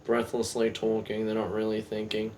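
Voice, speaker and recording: A man's voice: on the low side, completely flat delivery, normal speed, vocal fry, darkish tone, a little hiss or hum, rough recording. A young man in casual, jokey, rambling chat as co-host of a talk show. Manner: laid-back, rambling, jokey.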